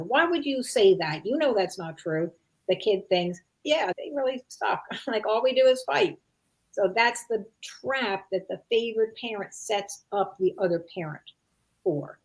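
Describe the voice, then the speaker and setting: A woman's voice: mid-range voice, a little mellow. A middle-aged woman answering an interview question as an expert guest. She talks in a thoughtful, conversational way, acting out parents' lines as examples and often saying "you know" and "like.".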